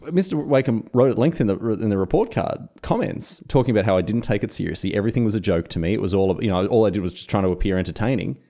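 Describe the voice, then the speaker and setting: Lowish, expressive man. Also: very fast, hardly any pauses. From Australia. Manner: wry, self-mocking, expressive storyteller. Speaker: history podcast host. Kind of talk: casual chat.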